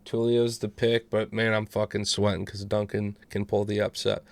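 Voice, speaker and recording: A man's voice: on the low side, flat delivery, normal speed, creaky, no room sound. A man co-hosting a podcast, giving casual, profane fight picks in a laid-back way. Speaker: podcast co-host.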